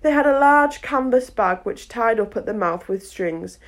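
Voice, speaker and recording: A woman's voice: on the high side, lively intonation, normal speed. A woman podcast host narrating a children's book aloud, with chatty, playful asides. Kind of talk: storybook narration.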